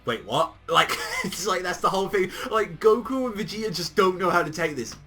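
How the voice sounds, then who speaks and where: A young man giving a casual, excitable anime episode review, full of slang, swearing and constant fillers. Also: sits high, fairly quick, faint music behind. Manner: excitable, slangy, swears often, heavy use of "like".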